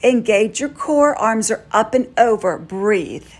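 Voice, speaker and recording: A woman yoga instructor giving calm, steady step-by-step cues through a guided class. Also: on the high side, takes it slowly.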